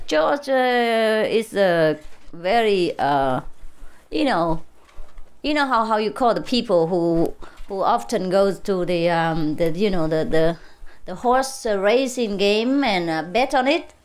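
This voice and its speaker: A woman's voice: mid-range voice, lively intonation, takes it slowly, smooth. A woman with a Vietnamese accent, speaking English in a playful, teasing way to a live audience and laughing often between phrases. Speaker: spiritual teacher speaking to a gathering. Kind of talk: casual talk to a live audience.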